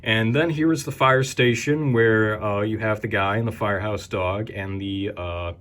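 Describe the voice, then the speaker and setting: A man's voice: lowish voice, normal speed, fairly bright tone. A man hosting a video, narrating a casual show-and-tell tour with crude, wisecracking jokes and rambling asides. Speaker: video host.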